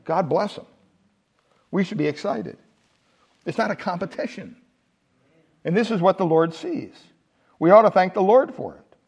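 A man's voice: high voice, moderate pace, long pauses, husky. A man preaching a sermon as pastor, telling stories and building to emphatic peaks. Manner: animated storytelling, rising to emphatic peaks.

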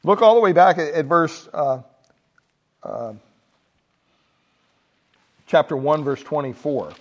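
A man's voice: on the high side, slow pace, highs cut off. A man preaching a sermon as pastor, telling stories and building to emphatic peaks. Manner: animated storytelling, rising to emphatic peaks.

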